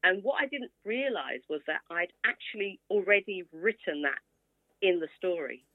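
A woman's voice: lowish voice, expressive, moderate pace, no echo. A woman in her sixties telling her story in a casual interview and acting out quoted voices along the way. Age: 60s. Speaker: author guest. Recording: tinny phone-like line, dry.

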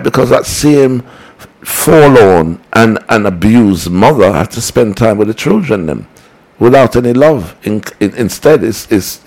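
A man hosting a broadcast, reading listener comments and rambling in a preachy, animated way. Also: mid-range voice, poor audio. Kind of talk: casual broadcast talk.

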